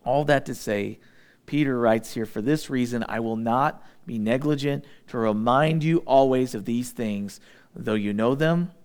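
A man preaching a sermon, animated, acting out voices in his retelling and dropping low and quiet for emphasis. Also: clear, resonant tone. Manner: animated preaching, voices the Israelites' grumbling and drops to a low intense tone. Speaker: pastor.

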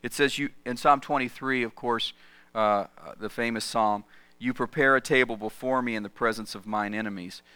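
A middle-aged man preaching a sermon, mixing scripture with lively, conversational personal stories. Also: mid-range voice, normal speed, smooth, no echo. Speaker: pastor.

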